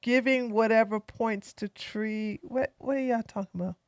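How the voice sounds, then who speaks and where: A woman hosting a casual political live stream, excitable and mocking, with loud bursts of laughter. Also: a little high, moderate pace, dry recording.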